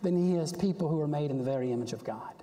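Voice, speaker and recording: A man preaches a sermon in a church sanctuary, acting out the prophet's complaints as his voice climbs. His voice sits high but mellow. A long reverb from the hall trails each phrase. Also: quick pace. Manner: animated, acts out the prophet's complaints with a rising voice.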